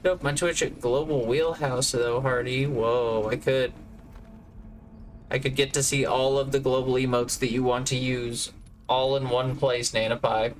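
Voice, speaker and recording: A man's voice: mid-range voice, fairly even intonation, a little slow, a little hiss or hum, poor audio. A man from Georgia with a Southern accent, chatting casually and jokingly with viewers on a live game stream. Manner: jokey, rambling, chats with viewers.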